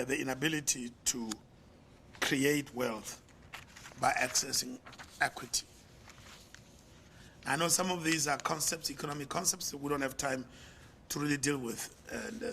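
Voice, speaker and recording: In a lecture hall, an older South African pastor addresses a conference with a preacher's rhetorical, emphatic rhythm, his pitch and volume rising and falling sharply. His voice is creaky with a sharp edge, and a little hiss or hum runs underneath.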